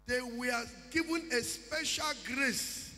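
A preacher with a high voice delivers an emphatic sermon. His words ring out with long reverb in a large space. Soft music plays underneath. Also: slow. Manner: emphatic preaching, breaking into song. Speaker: pastor.

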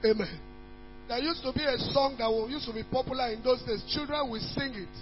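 Guy preaching w a really high voice, hammering words over and over, dull lo-fi church tape. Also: moderate pace, long pauses. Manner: emphatic, repetitive preaching with scripture reading. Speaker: pastor. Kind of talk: sermon. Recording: dull lo-fi church recording in a reverberant hall with faint music and hum.

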